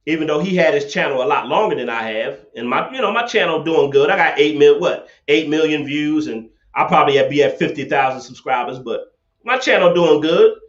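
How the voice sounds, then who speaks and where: He talks briskly in a slightly high voice with lively intonation, hosting a livestream debate where he rants, preaches and circles back to the same points confrontationally. The call-in stream runs through a laptop webcam, leaving the sound echoey, dull and lo-fi.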